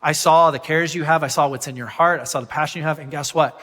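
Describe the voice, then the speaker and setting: A man voicing God as a calm, caring speaker within a sermon. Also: a little high, fast, in a large hall. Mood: tender.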